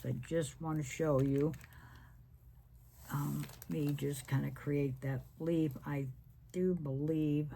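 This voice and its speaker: A woman hosting a painting tutorial who is losing her voice, chatting to viewers in a hoarse, half-whispered way as she works. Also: low voice, steady tone, slow pace, dark tone, a little hiss or hum. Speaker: craft video host.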